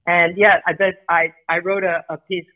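A woman's voice: on the low side, little pitch movement, moderate pace, phone-quality sound. A woman in her sixties, a guest tennis commentator, talking reflectively and affectionately in a casual conversation.

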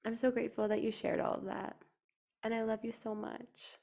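A woman's voice: on the high side, flat delivery, normal speed, vocal fry. A young woman co-hosting a podcast, chatting casually in an affectionate, emotional way and saying "like" often. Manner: warm, affectionate, emotional, peppered with "like". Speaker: podcast co-host.

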